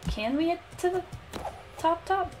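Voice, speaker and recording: A woman streamer giving casual let's-play commentary, excitable and chattering to herself as she plays. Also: very high voice, a little slow, music in the background. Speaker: game streamer.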